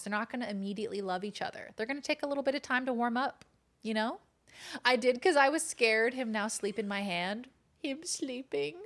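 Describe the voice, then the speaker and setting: A woman's voice: a little high, a bit bright. A woman streaming a game in casual, chatty commentary, now and then cooing baby talk at her kitten.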